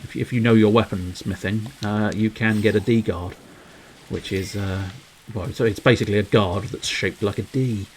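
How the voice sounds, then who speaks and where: A man's voice: on the low side, fairly even intonation, normal speed, slight background noise, low-quality recording. A man streaming a game, rambling playfully to his viewers with cheeky innuendo. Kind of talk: casual livestream commentary.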